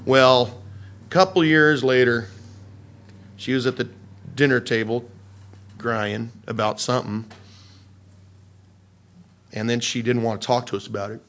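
A man's voice: medium pitch, steady tone, measured pace, long pauses, fairly bright tone. Folksy pastor man preaching. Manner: folksy storytelling, laughing at his own anecdotes. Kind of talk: sermon.

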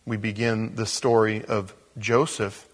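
This pastor's fairly low voice barely moves in pitch, and he takes his time. He gives casual Bible teaching, reading passages and adding conversational asides with acted-out quotes that make him chuckle.

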